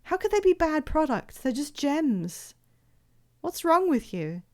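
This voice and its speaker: A woman's voice: high voice, sing-song, measured pace. A woman streamer chatting casually while playing a game, rambling with many fillers and restarts.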